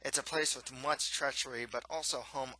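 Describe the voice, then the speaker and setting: A man's voice: mid-range voice, steady tone, normal speed, sharp tone, poor audio. A man voicing a humble, nervous middle-aged townsman who speaks deferentially to royalty, in a storybook reading.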